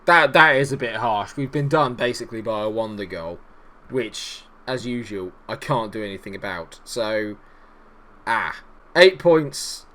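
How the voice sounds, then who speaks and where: Excitable man, lively pitch. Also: measured pace, a little hiss or hum. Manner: excitable, jokey, talks to players on screen. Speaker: gaming YouTuber. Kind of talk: let's-play commentary.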